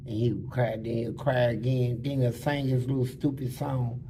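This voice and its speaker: Mid-pitched man, casual storyteller, blunt and animated, faint background noise. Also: moderate pace. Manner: animated, blunt, slips into voices. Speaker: interviewee.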